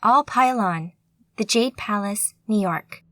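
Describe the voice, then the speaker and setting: A woman narrating a fantasy audiobook in a steady, measured storytelling manner. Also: mid-range voice, no room sound.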